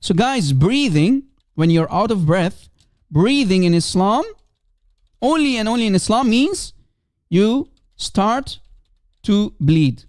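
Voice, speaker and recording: A man's voice: high voice, sing-song, takes it slowly, pauses often, a little mellow, dry recording. A man whose first language is Arabic, giving scornful, emphatic livestream commentary and repeating his points to drive them home. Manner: mocking, scornful, laughing at his opponent. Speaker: religious debater streaming commentary.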